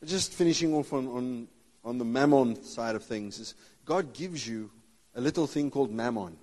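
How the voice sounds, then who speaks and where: A man's voice: mid-range voice, normal speed, darkish tone. A man preaching a sermon as a pastor, joking and laughing often and acting out Bible dialogue in different voices. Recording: long reverb of a large hall.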